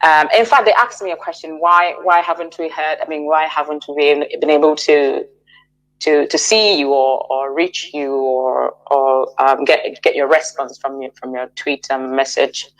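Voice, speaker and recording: A middle-aged woman as a radio interview guest, giving a measured, hesitant personal account with frequent restarts and fillers. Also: low voice, fairly even intonation, poor audio.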